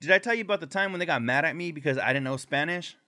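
A man's voice: on the high side, rapid-fire, pushed and bright. A man co-hosting a podcast, telling rambling stories in casual chat, cursing often and slipping into voices for the people he quotes. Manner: rambling storyteller, heavy swearing, puts on voices in quotes. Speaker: podcast co-host.

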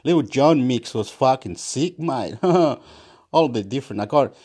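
A man's voice: mid-range voice, lively intonation, measured pace, dark tone, husky. A man rambling late at night while smoking, laughing a lot and swearing. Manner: laughing often, swearing, nonsense scatting and vocal percussion. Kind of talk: late-night solo recording, rambling and beatboxing.

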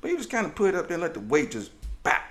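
Animated man telling stories casually. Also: a little high, rapid-fire. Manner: animated, laughs often, mimics voices in stories. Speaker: podcast co-host. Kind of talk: casual storytelling chat.

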